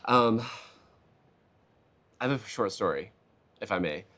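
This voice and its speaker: Deep-voiced man telling lively stories. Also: measured pace. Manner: animated storyteller, acts out quotes in a raised voice. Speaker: keynote speaker. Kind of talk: conversational interview. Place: live event booth.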